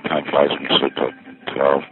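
Deep monotone new guy rambling on a walk, kinda out of breath, sounds like a phone line. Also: moderate pace, slight background noise. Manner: musing, meandering, self-interrupting. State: a little winded. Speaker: vlogger. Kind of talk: rambling walking vlog. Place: outdoors in a busy city. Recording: tinny phone-like recording with faint music.

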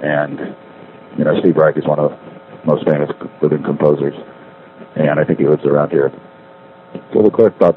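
Very deep-voiced man on a tinny payphone. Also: steady tone, normal speed, long pauses. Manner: meandering, self-correcting, wry. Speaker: caller leaving a spoken diary. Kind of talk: rambling casual monologue. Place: city street payphone. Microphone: payphone handset. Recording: tinny payphone line with faint street noise.

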